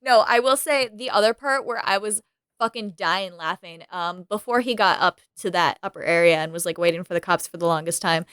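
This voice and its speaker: A woman's voice: on the low side, brisk, a bit bright, clear, resonant tone, dry recording, studio quality. A woman co-hosting a podcast in casual chat, swearing freely and laughing often as she retells scenes. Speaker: podcast co-host.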